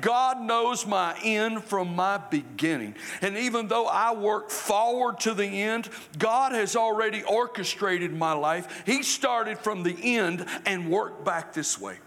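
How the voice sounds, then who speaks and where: A man's voice: high-pitched, measured pace, few pauses, fairly bright tone. An older man from South Carolina, preaching a folksy, conversational sermon with humor in a church. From South Carolina, USA. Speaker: guest preacher. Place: church sanctuary. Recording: reverberant church hall.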